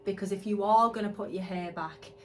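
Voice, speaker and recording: A woman, co-hosting a podcast and telling stories excitedly in casual chat. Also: mid-range voice, a little fast, slight background noise. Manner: excitable, animated storytelling. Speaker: podcast co-host, hair extensionist.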